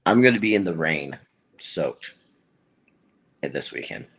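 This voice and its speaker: Low husky young man on a call. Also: very animated, fairly bright tone. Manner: easygoing, halting, laughs often. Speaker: co-host partner, Marine. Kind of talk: casual chat over call.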